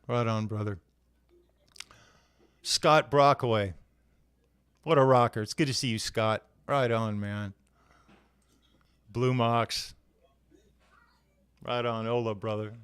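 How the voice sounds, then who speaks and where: Laid-back man greeting viewers, smooth voice. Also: mid-range voice, takes it slowly, long pauses, a bit bright, no room sound, clean studio sound. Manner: laid-back, friendly, says "right on, man" often. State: worn out from heavy physical labor. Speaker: live show host. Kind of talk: casual livestream chat greeting viewers.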